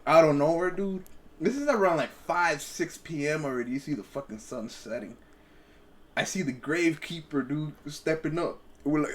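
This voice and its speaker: A young man hosts a podcast, telling stories in casual chat with a fairly high voice, lively intonation and a moderate pace. He's profane and rambling, often stammering and restarting.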